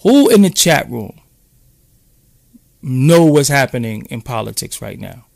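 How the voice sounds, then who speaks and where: A man's voice: medium pitch, very animated, measured pace, vocal fry, a little mellow, no echo, studio quality. A man from Brooklyn with a New York accent, rambling in casual, profane street talk as he hosts a live-stream chat. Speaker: podcast host.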